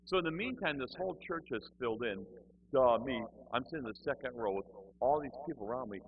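A man's voice: medium pitch, quick pace. A man telling a humorous personal faith story, self-deprecating and acting out the people in it. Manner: animated, self-deprecating, acts out voices. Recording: muffled with faint hum.

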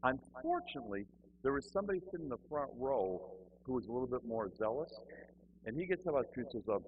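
Animated man telling a funny testimony. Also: medium pitch, quick pace, phone-quality sound, slight background noise. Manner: animated, acts out other people's voices. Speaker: storyteller. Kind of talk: humorous personal testimony.

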